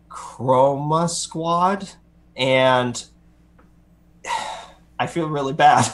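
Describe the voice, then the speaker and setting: There's a little hiss or hum on this recording of a man with a mid-range voice. He's a gaming podcast co-host who rambles casually about his views on games, often correcting himself and breaking into animated impressions.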